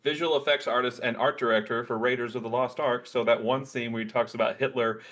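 A man's voice: mid-range voice, fairly even intonation, fast, fairly bright tone. A man co-hosting a podcast in casual chat, talking with frequent ums and restarts. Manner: chatty, hesitant with ums and likes. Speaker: podcast co-host.

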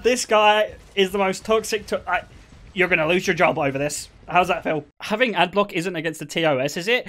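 A man's voice: sits high, expressive, brisk, sharp tone. A man in his twenties, chatting and joking teasingly with his viewers while streaming a game. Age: 20s. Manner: teasing, joking, often laughing. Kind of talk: casual live-stream chatter.

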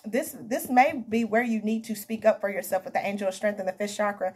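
Husky-voiced woman reading tarot. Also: medium pitch, steady tone, fairly quick, darkish tone. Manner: chatty, talks to viewers as "honey" and "baby"; emphatic, repeats herself. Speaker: tarot reader. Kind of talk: casual tarot reading to camera.

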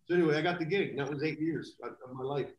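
A man telling rambling, animated anecdotes as a guest in a live video chat. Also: on the high side, rapid-fire, roomy sound, highs cut off. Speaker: guest drummer. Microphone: video call.

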